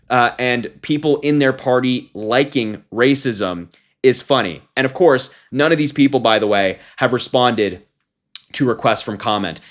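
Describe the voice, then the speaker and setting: A young man hosting a political commentary show, reading from an article and reacting with indignation, jumping from loud mocking call-outs to low, disgusted asides.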